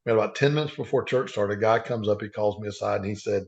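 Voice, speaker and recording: A man's voice: fairly low pitch, fast talker, vocal fry, a little mellow. A man telling earnest stories as a podcast guest, rambling with frequent restarts. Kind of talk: casual storytelling. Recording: dull lo-fi sound.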